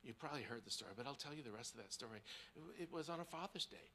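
A man preaching as a guest speaker, telling a personal story. He drops to hushed, near-whispered tones and then rises to emphatic preaching, often repeating words as he goes. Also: medium pitch, expressive, rapid-fire, slight background noise.

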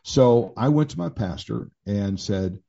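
Gravelly and warm, his voice is on the low side, with lively intonation and a measured pace. He is a pastor and author in his sixties giving a candid, casual account of his own story, restarting often and using fillers. The audio sounds dull and lo-fi.

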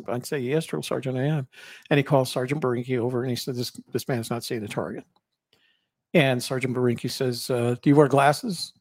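A man's voice: medium pitch, creaky, dry recording, clean studio sound. An older man, a podcast co-host, telling rambling personal stories in casual conversation, with frequent restarts and fillers.

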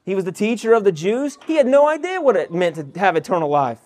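A man's voice: high voice, big pitch swings, quick pace, darkish tone. A male pastor preaching an expository sermon, reading scripture verses aloud and asking the listeners rhetorical questions.

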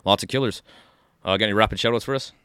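A man co-hosting a podcast in a studio chats casually and enthusiastically, rambling with plenty of fillers and restarts. His voice is fairly low yet a bit bright and clean, and he talks at a racing pace with no room sound.

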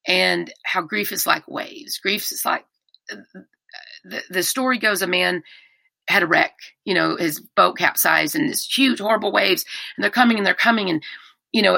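With a mid-range voice and vocal fry, a middle-aged woman opens up as a podcast guest, emotional, candid, and animated, frequently starting her sentences over. The recording is dry.

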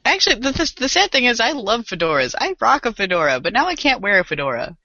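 A podcast co-host chatting casually, animated and self-deprecating, laughing often. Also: medium pitch, fast talker, no echo. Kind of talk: casual chat. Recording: dull lo-fi podcast audio.

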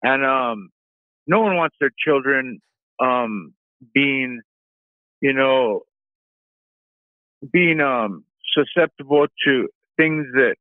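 A man's voice: medium pitch, slow, long pauses, no echo. A man calling in to a talk show, rambling with many ums and you-knows. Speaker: caller. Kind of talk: phone call-in rant. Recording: phone line.

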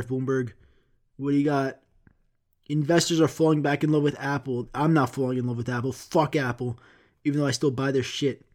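A young man hosting a solo podcast, ranting profanely and swinging between loud outbursts and low mumbles. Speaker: podcast host. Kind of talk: casual solo podcast rant.

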